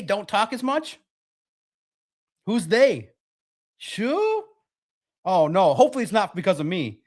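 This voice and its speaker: On a live-stream sports podcast, a young man with a high-pitched voice calls the action at breakneck speed. He's animated and often breaks off to start his sentences over.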